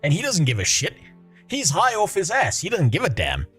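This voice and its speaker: His high-pitched voice swoops wildly, fairly bright and slightly rough, at normal speed over soft background music. He's a South African man in his thirties livestreaming casual chat, cursing freely and laughing a lot.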